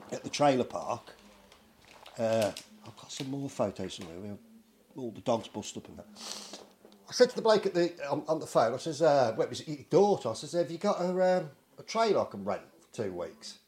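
A man's voice: medium pitch, very animated, moderate pace, a little mellow, a little hiss or hum. A middle-aged man from England telling a story in casual chat, swearing a lot and acting out the people in it. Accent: English. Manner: swears constantly, acts out the people in his story. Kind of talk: casual anecdote.

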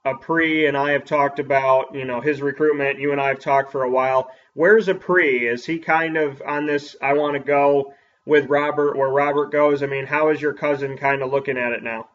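A man who is a sports broadcaster, reading an upbeat ad spot and then asking quick interview questions. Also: mid-range voice, steady tone, a bit bright, lo-fi sound.

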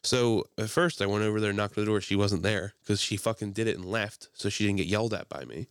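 A young man tears through a heated story at a rapid clip, swearing constantly as he co-hosts a casual podcast. His voice sits on the lower side, and the recording is dry and close, with no room sound. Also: smooth, no echo. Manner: animated, profane ranting. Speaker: podcast co-host.

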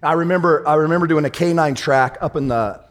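A man preaching with real fire in a fairly high voice, bursting into loud triumphant shouts and then dropping to a soft, chuckling, confiding tone. His delivery is loose and conversational, full of asides to the congregation. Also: a little fast, in a large hall. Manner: animated preaching that swings from shouts to a hushed, laughing storytelling tone. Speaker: pastor. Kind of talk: sermon.

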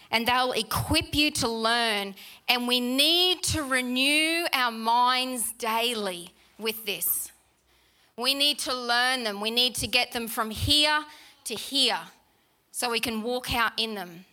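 Bright-voiced woman preaching. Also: on the high side, takes it slowly. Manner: animated, chatty, with laughs and emphatic repetition. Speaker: pastor. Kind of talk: sermon. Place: church hall.

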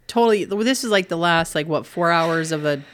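A woman's voice: lowish voice, brisk. A woman co-hosting a podcast, telling stories with sarcasm and mock gasps. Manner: sarcastic, animated storytelling. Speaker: podcast co-host. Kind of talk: casual chat.

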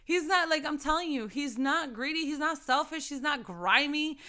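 A woman's voice: high voice, expressive, normal speed, bright, forceful tone. A woman giving a casual faith devotional talk, fervent and emphatic, repeating phrases for emphasis.

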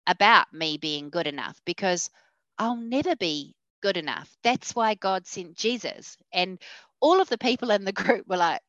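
A woman with a New Zealand accent, a podcast guest telling her personal faith story in a lively way, acting out the voices of the people she quotes. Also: mid-range voice, normal speed, no room sound, muffled recording.

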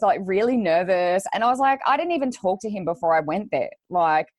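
With a medium-pitched voice, she talks fast and barely pauses, and there's no room sound. She's a podcast co-host chatting loosely, bringing her stories to life by acting out what people said.

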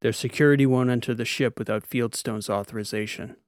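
A man's voice: medium pitch, steady tone, fairly quick, no room sound, lightly acted. A man reading an audiobook, playing a dry, sardonic, commanding male squad leader. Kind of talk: audiobook character voice.

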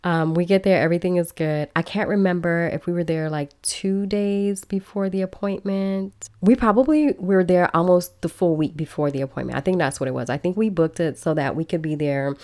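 A woman in her thirties, from Belize, telling a personal story in an animated, conversational way and talking straight to her listeners. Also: low-pitched. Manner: animated, conversational, laughs while telling, addresses listeners as y'all. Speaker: podcast host.

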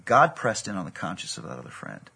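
A man's voice: low voice, wildly swooping pitch, fast, pushed and bright. A man preaching a sermon, telling a personal story in an earnest, storytelling way. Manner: gravelly, husky, earnest storytelling.

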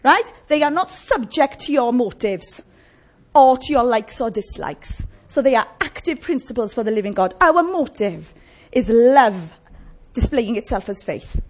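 A woman's voice: on the high side, lively intonation, measured pace. A woman preaching a sermon in a conversational way, often asking the congregation questions.

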